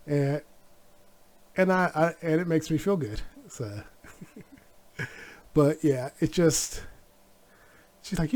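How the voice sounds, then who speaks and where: A man's voice: on the high side, expressive, takes it slowly, pauses often, a little mellow. A man chatting casually as a co-host, reacting to a story with candid, rambling personal anecdotes and frequent chuckles. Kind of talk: casual chat.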